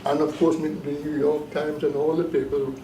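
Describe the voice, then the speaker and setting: A male professor lecturing with deliberate emphasis, circling back to repeat his key points. His fairly high voice is picked up from across the room, so it sounds roomy and echoey. A faint hum of background noise sits under him. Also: little pitch movement, mellow. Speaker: professor leading a course. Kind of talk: classroom lecture. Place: bookstore cafe classroom. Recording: echoey room, mic at a distance.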